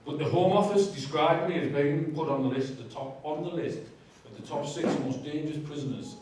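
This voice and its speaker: With a fairly high voice and a fairly quick pace, a man offers an honest, humorous personal testimony as a guest speaker in a big church hall. The background is noisy, the mic distant, and the hall very echoey.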